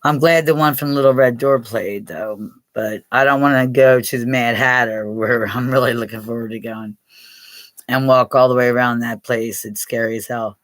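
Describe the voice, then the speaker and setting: A woman's voice: extremely low pitch, steady tone, normal speed, no room sound. An older woman from Pennsylvania hosting a casual live chat with her viewers, rambling, swearing freely and laughing often. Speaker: live stream host.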